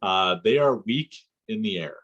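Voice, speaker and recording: A man co-hosting a casual football podcast, talking in an animated, excitable way and laughing often. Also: lowish voice, a little slow, lo-fi sound. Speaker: podcast co-host.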